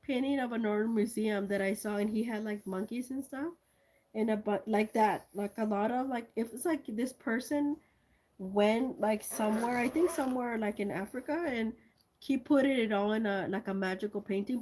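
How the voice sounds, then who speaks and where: A woman chatting casually as she unboxes gifts for her video, gushing and excitable, swinging between loud squeals and soft, hushed thanks. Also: mid-range voice. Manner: gushing and excitable, many exclamations. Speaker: art vlogger.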